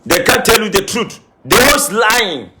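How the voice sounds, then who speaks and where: With a high-pitched voice that swings widely in pitch, a man posing as a spiritualist scolds viewers in an emphatic, repeating monologue to camera. He talks slowly, says he is crying, and the audio is very noisy.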